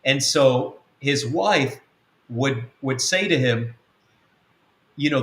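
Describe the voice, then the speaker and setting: A man's voice: medium pitch, slow, pauses often, a bit bright. Man teaching in a roomy echo. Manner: rambling, fills with um and uh, acts out quoted dialogue. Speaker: spiritual coach and mentor. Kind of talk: conversational teaching on a web-church show.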